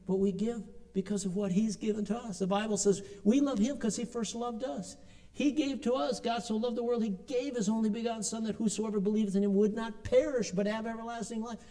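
A middle-aged man preaching a sermon, building to emphatic peaks and dropping into quiet, personal asides. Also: sits high. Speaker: pastor.

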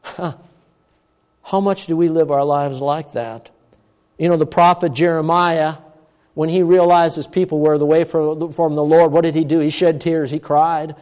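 A man preaching a sermon with emphatic delivery, moving between loud, stressed words and hushed asides. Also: on the high side, steady tone, normal speed. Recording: long church-hall reverb.

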